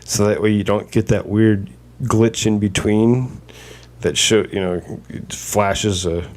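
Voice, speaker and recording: A man's voice: lowish voice, steady tone, slow. A man hosting a casual podcast chat, rambling along with lots of fillers and restarts. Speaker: podcast host.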